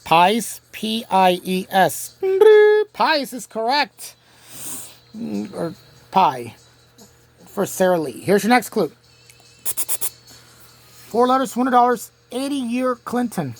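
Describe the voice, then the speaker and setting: A woman hosting a home-made crossword game show, reading clues and spelling answers letter by letter, pausing and restarting often. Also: medium pitch, lively intonation, faint music behind. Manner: halting, with frequent restarts.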